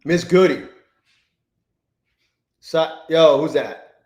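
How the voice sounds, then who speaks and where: A man's voice: on the high side, very slow, reverberant, lo-fi sound, noisy background. Cursing, exasperated man on a live stream. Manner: profane, exasperated muttering, greets chat by name. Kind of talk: live-stream trading commentary.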